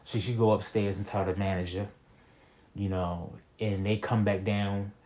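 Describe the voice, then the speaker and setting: A man's voice: fairly low pitch, flat delivery, normal speed, darkish tone, slight background noise. A young man telling a personal story in a casual, rambling monologue, full of slang and "you feel me.". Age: young adult.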